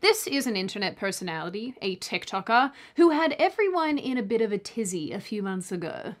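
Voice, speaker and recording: A woman reading scripted online commentary in a middle-pitched voice. She is sarcastic and dry, breaking off for quick mock apologies before moving on. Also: animated, fairly bright tone.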